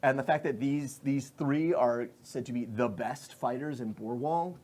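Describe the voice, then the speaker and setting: A man's voice: medium pitch, moderate pace, a little mellow. A man narrating as game master of a tabletop role-playing game, rambling with many fillers.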